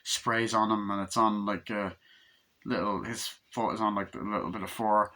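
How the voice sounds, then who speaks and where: A man in his twenties recapping a horror film in a casual, excitable, rambling way, swearing freely. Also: lowish voice, moderate pace. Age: 20s. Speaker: movie reviewer.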